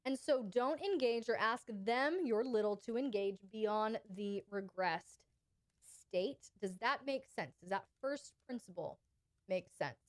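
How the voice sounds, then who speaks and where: A woman's voice: a little high, animated, measured pace, dry recording. A woman coaching her audience in a live Q&A, emphatic and often checking in with "okay?". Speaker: relationship coach and channel host. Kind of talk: live Q&A advice.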